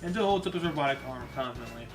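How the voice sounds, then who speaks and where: A man's voice: mid-range voice, expressive, very fast, low-quality recording. A man narrating a fan audio drama in a plain storytelling way, with small reading slips. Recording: music bed under voice. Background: music.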